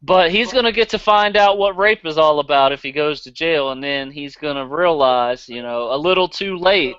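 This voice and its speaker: A man's voice: fairly high pitch, moderate pace, a bit bright, clear, resonant tone, dry recording, dull audio. A man with a Southern accent hosting a casual podcast, blunt and profane, laughing easily. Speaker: podcast host.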